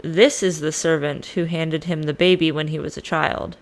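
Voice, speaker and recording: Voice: mid-range voice, fairly even intonation, moderate pace, creaky, close to an everyday voice. A storyteller voicing a blunt male messenger who talks in exasperated modern slang. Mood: impatient.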